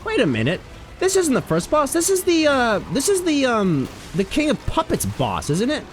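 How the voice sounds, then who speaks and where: A male game streamer talking to his chat in a hugely animated voice that leaps up and down in pitch. He drifts between muttered asides and loud, sweary outbursts, with a faint hum of noise underneath. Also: moderate pace. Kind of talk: casual live gaming commentary.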